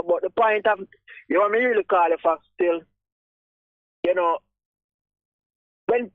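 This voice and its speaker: A man with a Jamaican accent calls in to a radio show, and his voice comes through a tinny phone line. He speaks earnestly and with emphasis, moving between patois and English in a slightly higher voice. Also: no echo. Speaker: caller. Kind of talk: casual talk radio call.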